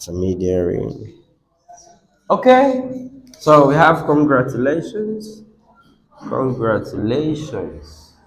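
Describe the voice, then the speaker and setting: A man's voice: medium pitch, slight background noise. A man teaching an English class on word stress, asking students questions and repeating words with the stress moved around. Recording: echoey classroom.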